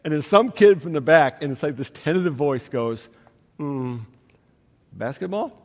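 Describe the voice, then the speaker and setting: A man delivers a sermon, building his stories with emphatic, rising delivery. His voice sits a little high for a man. Long reverb trails each phrase as though he speaks in a large hall. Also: lively intonation, brisk, a little mellow. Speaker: pastor.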